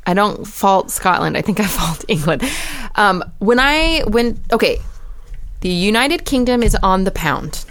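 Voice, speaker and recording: A woman chatting casually with friends, an animated storyteller who laughs often and fills with um and like. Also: mid-range voice, unhurried, a little hiss or hum. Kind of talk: casual chat.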